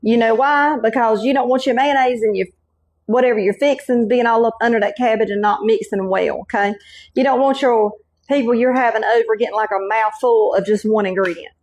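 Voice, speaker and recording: This cooking channel host is a middle-aged woman from North Carolina with a Southern Carolina accent, giving a home cooking demonstration. She talks in a folksy, chatty manner, repeating "y'all" and "okay." Her fairly high voice is a little fast and darkish, with a little hiss or hum.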